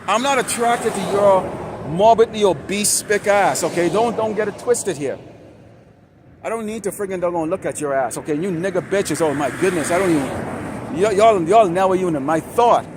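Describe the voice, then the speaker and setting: A man's voice: high-pitched, expressive, normal speed. A man street preaching to a camera outdoors, heated, ranting and profane. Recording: outdoor traffic noise.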